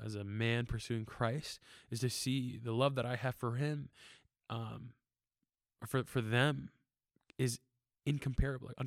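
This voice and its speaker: A young man giving a casual church testimony about his wife and sons, earnest and halting, with many fillers and restarts. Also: mid-range voice, dry recording, clean studio sound. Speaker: church member sharing testimony.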